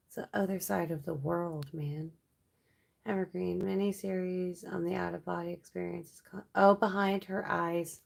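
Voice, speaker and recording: Gravelly slow-talking Canadian woman streamer. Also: lowish voice. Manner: rambling, reads viewer comments aloud. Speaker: livestream host. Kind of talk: late-night casual chat with viewers.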